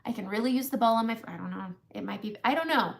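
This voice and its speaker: Talking very fast in a gravelly, fairly high voice, a forty-something woman shares a lengthy funny story while streaming makeup live. She laughs at herself a lot, a chatty storyteller who enjoys poking fun at her own expense.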